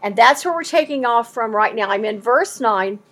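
Woman preacher going verse by verse, high voice, really emphatic, acts out the lines. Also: animated, moderate pace, fairly bright tone. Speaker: Bible teacher. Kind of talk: Bible teaching sermon.

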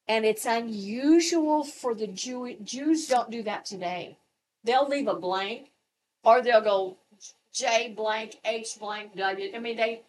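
Woman, Bible teacher, high voice, very lively pitch, emphatic, chatty asides. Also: slight background noise. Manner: animated, emphatic, conversational asides.

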